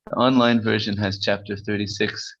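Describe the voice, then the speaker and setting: A man's voice: on the low side, little pitch movement, normal speed, fairly bright tone, muffled recording. A man teaching a casual text-study class, reading Hebrew passages aloud and explaining them conversationally. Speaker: Torah teacher.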